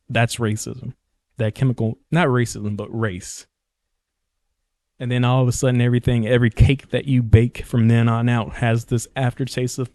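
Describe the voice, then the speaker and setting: A man's voice: mid-range voice, mellow, no room sound. A young man hosting his own podcast, talking casually in a rambling, jokey way and often correcting himself mid-sentence. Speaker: podcast host. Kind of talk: casual solo podcast monologue.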